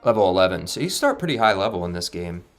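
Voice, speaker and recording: Casual gaming host, a man with a lowish, rather monotone voice, talking over faint game music. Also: fast talker. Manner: relaxed, laid-back, self-described monotone. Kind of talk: casual let's-play commentary.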